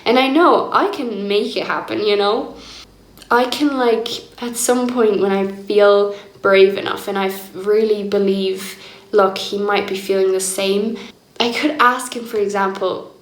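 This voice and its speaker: A woman's voice: medium pitch, measured pace. A young woman speaking candidly and reflectively in a personal diary vlog, laughing often as she talks. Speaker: vlogger. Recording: echoey room.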